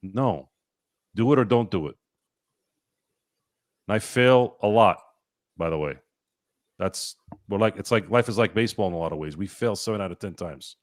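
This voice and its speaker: A man's voice: fairly low pitch, expressive, moderate pace, long pauses, no room sound, clean studio sound. A man co-hosting a casual sports podcast, ranting bluntly and opinionatedly, with casual swearing. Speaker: podcast co-host.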